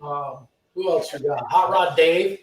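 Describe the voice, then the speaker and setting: A man chats easily on a live stream, reading off names from the chat. His voice sits a little high. He sounds distant from the mic, and the garage around him rings with echo. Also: measured pace, crowd noise. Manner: easygoing, reads chat names aloud. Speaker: shop owner hosting a live stream. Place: garage shop. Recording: echoey shop from far off.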